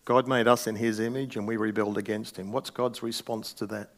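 A middle-aged man preaches a sermon from the pulpit in an easy, conversational way. His voice sits on the low side, and he slips in wry asides between points. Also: little pitch movement, a little fast. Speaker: pastor.

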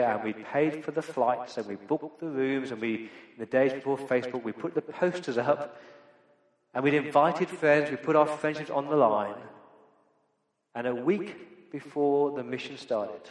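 Middle-aged male pastor, earnest emphatic sermon, echoey church hall, long reverb. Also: medium pitch. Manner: earnest, emphatic preaching with repeated phrases.

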